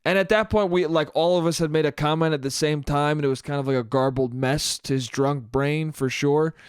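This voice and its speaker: A young man hosting a solo podcast, telling stories in an animated, profane, self-mocking way. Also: a little high, brisk, clean tone, no echo, clean studio sound. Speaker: podcast host. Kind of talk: solo comedic storytelling.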